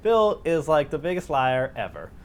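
A man's voice: on the high side, moderate pace. A man co-hosting a casual podcast, telling a story with jokes. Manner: lively, joking storyteller. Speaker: podcast co-host.

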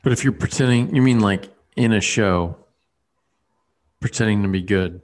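A man's voice: fairly low pitch, moderate pace. A man in casual chat, rambling with lots of fillers and restarts.

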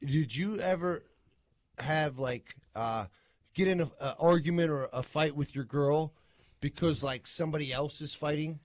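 A man with a high voice complaining in a loose, casual chat. He tells his story with animation, and his pitch leaps up when he quotes other people. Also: moderate pace, dry recording.

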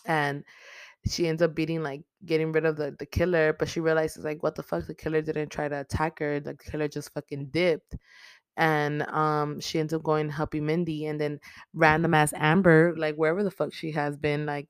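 Low-voiced woman, swearing, excitable recap. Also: normal speed, clear, resonant tone, dry recording. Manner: heavy swearing, excitable and blunt; rambling with many fillers. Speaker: movie recap host. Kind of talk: casual movie recap.

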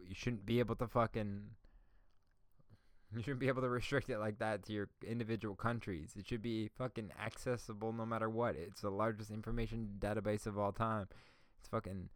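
Profane ranting man, low-voiced. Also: fairly even intonation, moderate pace, fairly bright tone, no echo, studio quality. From Canada. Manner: swears constantly, ranting, says "bro" and "dog". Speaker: podcast host. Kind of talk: profane solo podcast rant.

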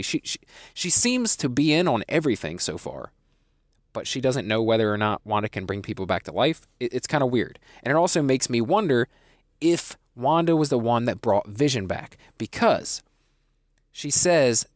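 A man's voice: mid-range voice, dry recording, studio quality. A man hosting a podcast, giving a casual episode recap in a chatty way, often restarting and adding asides. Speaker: podcast host reviewing a TV episode.

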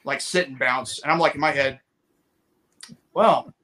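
A man's voice: mid-range voice, fairly even intonation, fairly quick, bright, forceful tone. A man co-hosting a podcast in casual chat, rambling and laughing often, trailing off with fillers. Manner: rambling, laughs often, breaks into put-on voices. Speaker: podcast co-host.

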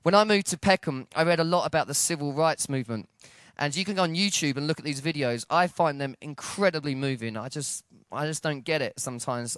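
A man delivers a sermon in a fairly high voice. He tells stories animatedly, dropping low and rising for the voices in them. The recording is close and dry. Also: no room sound. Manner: animated storytelling, acting out dialogue with shifts in pitch and loudness. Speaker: preacher.

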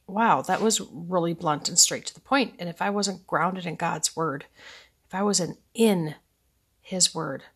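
A woman in her thirties hosting a casual faith podcast from home at night, rambling and sleepy, with soft laughs. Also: fairly low pitch, gravelly, breathy edge. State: sleepy, yawning. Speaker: podcast host.

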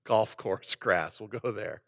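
Animated pastor preaching in a large hall. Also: male voice, slow pace, gravelly. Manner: animated, shifts between loud emphasis and soft low asides. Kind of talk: sermon.

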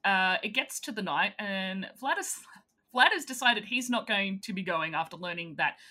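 A woman co-hosting a casual chat, animated and giggly, retelling scenes with quick impressions. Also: medium pitch.

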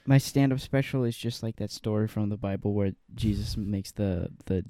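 A young man co-hosting a podcast in casual chat, joking with deadpan asides. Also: lowish voice, normal speed, no echo. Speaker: podcast co-host.

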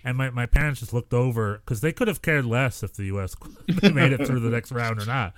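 A man's voice: mid-range voice, a little fast, no room sound. A man from the United States, a podcast co-host telling stories in casual chat and acting out quotes with energy. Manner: animated storyteller, acts out quotes.

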